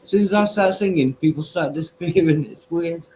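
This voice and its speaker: A man's voice: a little high, fairly quick, background noise. A man chatting casually as a guest on a stream, joking and singing along to a pop song. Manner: chatty, jokey, bursts into singing along to music.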